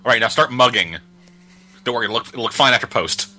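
A man's voice: mid-range voice, fast, sharp tone. A man making jokes while watching a film with friends, full of wisecracks and mock-dramatic asides. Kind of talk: joking commentary over a film.

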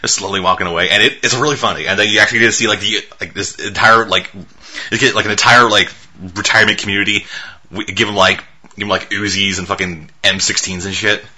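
Bright, husky-voiced man chatting loosely. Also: on the low side, fairly even intonation, fast talker. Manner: loose, profane, heavy on filler words. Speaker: podcast co-host reviewing movies. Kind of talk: casual chat.

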